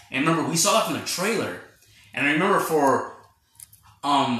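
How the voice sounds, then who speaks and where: Rambling man in an echoey room. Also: mid-range voice. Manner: rambling, animated retelling with quoted reactions. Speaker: podcast host. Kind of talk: casual film review chat.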